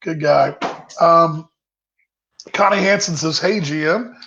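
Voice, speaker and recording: A man's voice: on the high side, takes it slowly, fairly bright tone. Chatty man hosting a video call. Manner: chatty, rambling, reads viewer comments aloud. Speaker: host of a virtual happy hour. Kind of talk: casual chat on a video call. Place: home kitchen. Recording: dull lo-fi video call audio.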